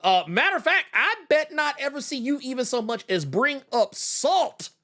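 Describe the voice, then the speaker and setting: A young man hosts a casual pop-culture podcast, and his voice swings widely in pitch as he gets worked up. He talks in slang, stumbles, restarts, and trails off. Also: sing-song, moderate pace, sharp tone. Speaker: podcast host.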